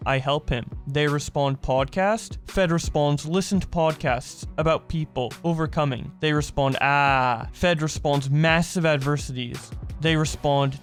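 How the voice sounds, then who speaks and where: A man hosting a commentary video, reading out message exchanges aloud and adding short reactions of his own. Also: fairly high pitch. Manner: reads message exchanges aloud in a flat narrating voice, with brief reactions. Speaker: commentary host.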